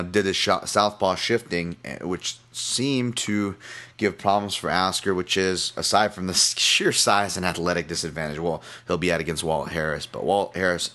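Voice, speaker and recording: A man's voice: low voice, pushed and bright. A man hosting a podcast, talking through his fight picks in a rambling, self-deprecating way, often restarting sentences. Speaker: podcast host. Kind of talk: casual betting analysis monologue.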